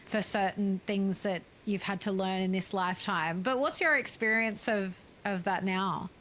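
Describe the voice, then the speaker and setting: A woman of middle pitch hosts a podcast chat, feeling her way through questions with soft fillers and restarts. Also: moderate pace, a little hiss or hum. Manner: gentle, searching questions with many fillers. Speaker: podcast co-host. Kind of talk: casual podcast conversation.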